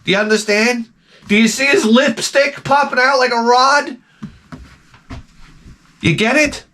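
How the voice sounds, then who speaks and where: A man's voice: very high-pitched, normal speed. A man hosting his own channel, telling rambling comic stories with lots of swearing and stammered restarts. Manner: animated, profane, stammering restarts. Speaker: retro game channel host. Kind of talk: rambling comedic rant.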